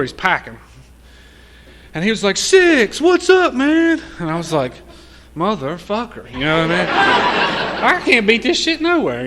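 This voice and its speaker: Brief: man telling his recovery story, salty and laughing, slightly high voice, faint background noise. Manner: profane, laughs often while telling the story. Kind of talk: casual storytelling.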